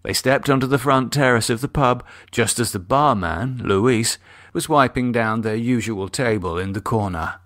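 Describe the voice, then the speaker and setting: A man narrating his own novel as an audiobook, wry and measured. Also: mid-range voice, a bit bright, no echo, clean studio sound. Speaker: author and narrator.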